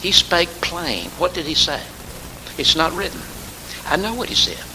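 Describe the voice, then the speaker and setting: A man's voice: fairly high pitch, very animated, moderate pace, pushed and bright. A man preaching a sermon, rising to emphatic call-and-response and calling on congregation members by name. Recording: hissy recording in a reverberant hall.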